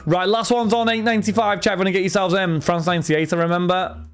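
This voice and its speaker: Scouse young man, card break streamer, rambling casual chat, slightly high voice. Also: steady tone, quick pace, clean tone. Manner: rambling, chatty, talks to chat and friends.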